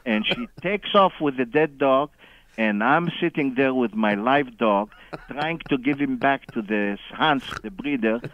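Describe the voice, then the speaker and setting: A man's voice: mid-range voice, a little slow, dry recording. A man calling in to a radio show, telling a long story with lots of chuckles and acting out the people he quotes. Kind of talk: animated phone-in storytelling. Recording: dull phone-line call on radio.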